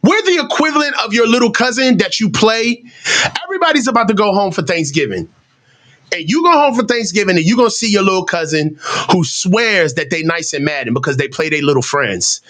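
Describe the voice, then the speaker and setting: Brief: male fan commentator, high and animated, swearing and ranting at the coach. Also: a little fast. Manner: profane, exasperated, rants and mocks the coach; excitable, voice jumps up when shouting. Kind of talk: live game reaction commentary.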